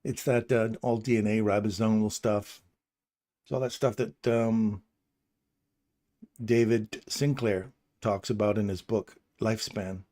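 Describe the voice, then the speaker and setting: A man's voice: on the low side, steady tone, unhurried, pauses often, warm tone. A middle-aged man from England, hosting a live trading stream, talking casually through the chart, thinking aloud and joking with viewers in chat. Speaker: livestream trader and channel host.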